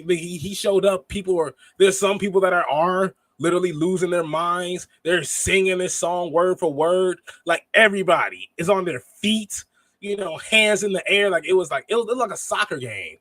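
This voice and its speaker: A man's voice: high voice, a bit bright, dry recording. A man co-hosting a wrestling review podcast in rambling, slangy casual chat. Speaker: podcast co-host.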